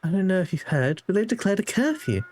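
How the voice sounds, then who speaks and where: A man puts on a young mother's voice for a game figure, pushed up high and light. She chats fondly over the radio and frets about trouble in town. The lines are read aloud straight from the game. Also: very animated, quick pace, a little mellow. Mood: chatty, worried. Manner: chatty, fretful, affectionate. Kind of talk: reading game dialogue aloud.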